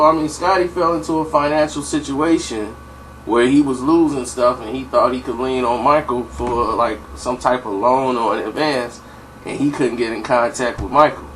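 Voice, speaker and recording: A man's voice: mid-range voice, a bit bright, a little hiss or hum, rough recording. A man casually telling a story in a slangy style, full of "you know" and "like". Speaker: vlogger.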